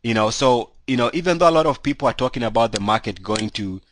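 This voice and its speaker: A man's voice: mid-range voice, expressive, fast talker, no room sound. A man with a cold, hosting a casual stock market commentary and talking through charts in a loose, conversational way full of fillers. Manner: conversational, loose with many "you know" fillers. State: has a cold. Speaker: stock market analyst host.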